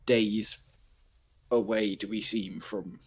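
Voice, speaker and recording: A man's voice: lowish voice, little pitch movement, takes it slowly, breathy edge. A man playing in a tabletop role-playing game, chatting casually and asking the game master questions. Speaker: player.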